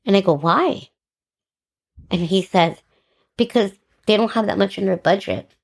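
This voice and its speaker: A middle-aged woman hosting a podcast, telling her own story in an animated, sarcastic way and acting out the dialogue. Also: medium pitch, measured pace, creaky. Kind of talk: personal storytelling monologue.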